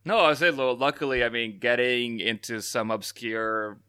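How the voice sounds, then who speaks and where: A man's voice: mid-range voice, steady tone, normal speed, sharp tone, smooth, no echo, clean studio sound. A man co-hosting a podcast in casual chat, often stopping to recap in disbelief and laughing. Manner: interrupts to recap, incredulous and laughing. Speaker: podcast co-host.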